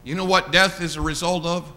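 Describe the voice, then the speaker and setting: A man's voice: a little high, fairly even intonation, a little fast, sharp tone. A man preaching a sermon, repeating key lines and swelling suddenly in volume.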